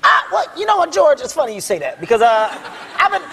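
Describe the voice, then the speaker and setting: A man from Philadelphia telling comic stories as a talk show guest, laughing and yelling his punchlines. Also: very high-pitched, huge pitch swings, fast talker. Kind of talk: comedic storytelling. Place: television studio with audience. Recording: loud studio audience laughter, noisy.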